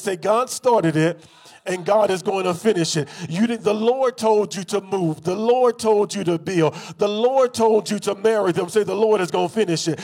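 A man with a high-pitched voice preaching a sermon. He has the congregation repeat his phrases in call-and-response. His delivery is rhythmic and repetitive, and it builds into emphatic bursts. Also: a little mellow.

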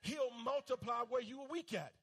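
A man's voice: very high-pitched, moderate pace, pushed and bright, breathy edge. A male pastor preaching a fervent sermon, calling on his congregation to repeat lines back to him. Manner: fervent, call-and-response preaching.

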